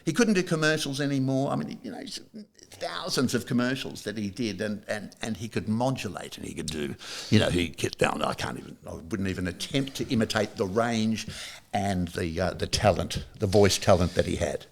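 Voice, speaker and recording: A man's voice: on the low side, normal speed, creaky. An older Australian man, a saxophonist and podcast guest, telling anecdotes in casual chat and acting out other people's lines. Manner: animated storyteller who acts out other people's lines.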